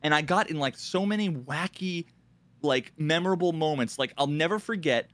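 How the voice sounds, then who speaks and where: A man co-hosting a casual gaming podcast, telling stories in an animated way and swearing freely. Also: on the high side, normal speed, dry recording. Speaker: podcast co-host.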